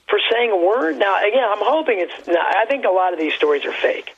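A man with a high, husky, gravelly voice talks in a rambling way, stopping and restarting often. He comes through a dull, muffled phone line. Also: expressive, fairly quick, hardly any pauses. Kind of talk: casual talk radio chat.

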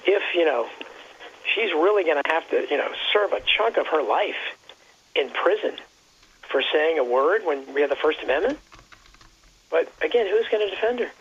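A high-pitched man with a gravelly edge talks on a radio show in a rambling, halting way. He comes through a dull phone line with a faint hiss behind him, restarting his sentences as he goes. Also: lively intonation. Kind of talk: casual talk radio chat.

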